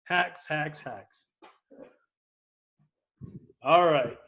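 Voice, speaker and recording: A man teaching a live class to a room of people, energetic and often checking that everyone is following. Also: very slow, gravelly. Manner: energetic, swings loud and high when excited; asks the room for agreement. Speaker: class instructor.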